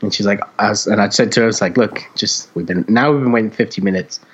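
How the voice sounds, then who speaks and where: A man co-hosting a podcast, telling a story in casual chat, animated and swearing freely as he acts out other people's voices. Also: lowish voice, quick pace, breathy edge, muffled recording. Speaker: podcast co-host.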